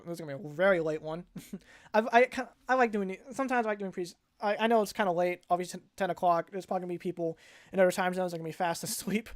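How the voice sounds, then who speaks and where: A young man hosting a casual livestream announcement as a league organizer, rambling and often correcting himself mid-sentence. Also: sits high. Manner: rambling, frequent self-corrections and restarts.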